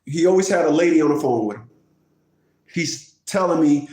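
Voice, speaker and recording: A man telling a courtroom story as a family court advocate, acting out the other people in the story with high, exaggerated voices and mocking the listener. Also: normal speed, long pauses, darkish tone. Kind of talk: animated storytelling rant. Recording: echoey room.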